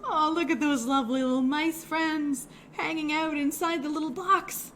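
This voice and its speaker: A woman's voice: high voice, normal speed, hardly any pauses, fairly bright tone, slight background noise. A young woman leading a children's storytime, talking and singing in a cheerful, encouraging sing-song.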